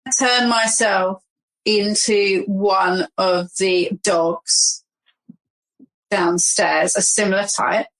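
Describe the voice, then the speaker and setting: A woman's voice: medium pitch, steady tone, drawn-out words, fairly bright tone, poor audio. A woman playing in an improvised tabletop game, casual and playful, hesitating with frequent ums. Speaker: player.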